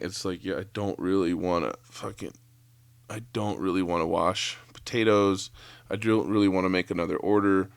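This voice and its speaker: A man's voice: low-pitched, vocal fry, no echo. Profane rambling man with a dry voice. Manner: profane, rambling, lots of fillers. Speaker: podcast host; former chef. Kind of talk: solo rant podcast.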